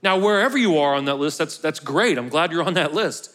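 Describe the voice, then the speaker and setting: A man's voice: a little high, expressive, fairly quick, a bit bright. A man preaching a sermon as pastor of his own church, talking casually to the congregation and joking along the way. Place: large church hall. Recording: long reverb of a church hall.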